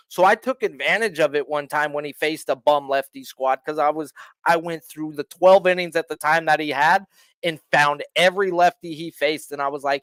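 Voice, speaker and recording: A man's voice: fairly high pitch, moderate pace, fairly bright tone, no echo. A man guesting on a sports betting podcast, talking loosely and profanely with lots of slang. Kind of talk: casual betting chat.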